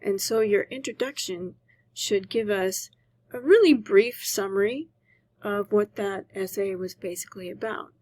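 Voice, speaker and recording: A woman's voice: mid-range voice, unhurried, a little mellow, no room sound. A woman teacher patiently explaining a writing assignment to her students, often checking in with "right?". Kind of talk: recorded class lecture.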